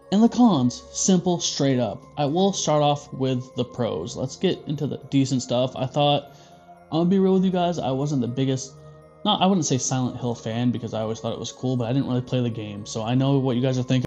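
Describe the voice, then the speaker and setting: Male review host, loose and profane, mid-pitched, slightly muffled track with light music under. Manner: profane, joking, animated. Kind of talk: casual movie review.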